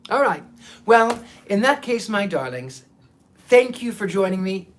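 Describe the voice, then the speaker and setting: A man's voice: high voice, big pitch swings, measured pace, slight background noise. A man hosting a psychic livestream, chatting casually and reading viewer comments in a theatrical, affectionate way, often stammering and restarting.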